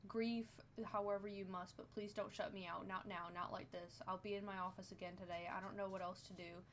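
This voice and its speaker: A woman's voice: medium pitch, level tone, fairly quick, a bit bright, slight background noise, lightly acted. A woman reading the texts of a worried, grieving woman who pleads and speaks formally.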